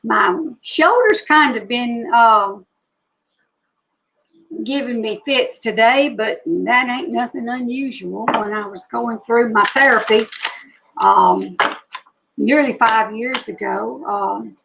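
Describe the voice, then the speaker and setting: Slow-drawling Southern woman in her sixties. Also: on the high side, sing-song, vocal fry, a bit bright, low-quality recording. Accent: Southern US (Alabama). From Alabama, US. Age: 60s. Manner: chatty, slow Southern drawl, greeting viewers by name. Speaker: psychic reader hosting a live stream. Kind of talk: casual live-stream chat with viewers.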